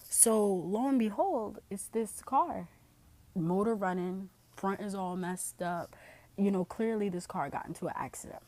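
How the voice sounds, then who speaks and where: A woman's voice: mid-range voice, a little slow, warm tone. A young woman telling a personal story to camera in a rambling way, full of "like" and "you know". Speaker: vlogger.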